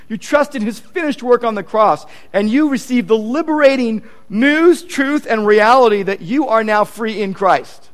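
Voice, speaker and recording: A man preaches a sermon in a fairly high voice that swoops up and down. He repeats key points for emphasis and acts out the conversations he quotes. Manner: emphatic repetition. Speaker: pastor.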